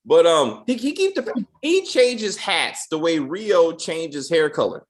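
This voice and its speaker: A man hosting a casual TV episode review, animated, laughing, and acting out the characters' lines in voices. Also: on the high side, slow pace. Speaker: show host.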